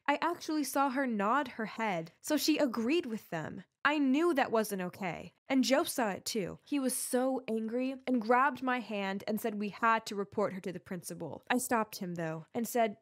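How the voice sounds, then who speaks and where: Woman narrating an animated story, confiding, slightly high voice. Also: normal speed, hardly any pauses. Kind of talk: scripted first-person story narration.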